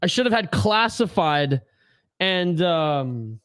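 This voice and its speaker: A man's voice: on the high side, sing-song, slow, fairly bright tone. A man hosting a live hockey watch-along stream, giving casual play-by-play and joking and swearing while reading chat aloud. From Canada.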